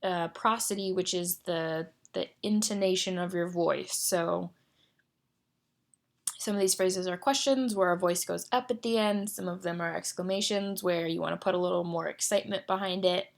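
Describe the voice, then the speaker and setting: A young woman leading a guided voice exercise lesson as a speech therapy instructor, giving clear, deliberate and encouraging instructions. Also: on the low side, fairly even intonation.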